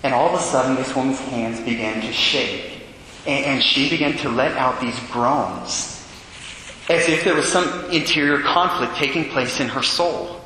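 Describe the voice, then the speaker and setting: A Catholic priest preaching a sermon, telling a story with earnest feeling and dropping to a hush for the quiet moments. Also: male voice, medium pitch, normal speed, a little hiss or hum. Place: church. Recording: echoey church hall.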